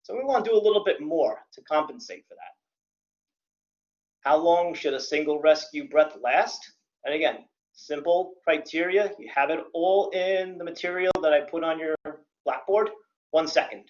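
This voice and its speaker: Male CPR instructor, plain-spoken lecture with dry humor, a bit high-pitched, muffled lo-fi audio. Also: moderate pace. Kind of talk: classroom lecture. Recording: dull lo-fi recording.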